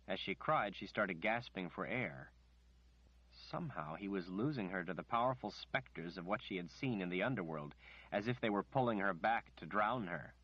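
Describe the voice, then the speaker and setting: A man narrating an audiobook in a measured, steady storytelling manner. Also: deep voice, husky, no echo. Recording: dry, slightly muffled recording.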